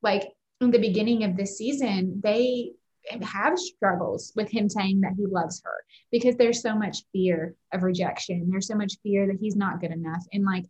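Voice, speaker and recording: A woman's voice: medium pitch, moderate pace, a little mellow. Affirming woman podcast co-host. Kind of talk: faith-based casual chat.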